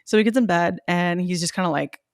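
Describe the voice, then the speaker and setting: Her voice fairly low and her pace brisk, this young Tennessee woman narrates a personal story on her solo podcast. The audio is clean studio sound with no echo. She's chatty and confessional, saying "like" constantly and quoting both herself and other people.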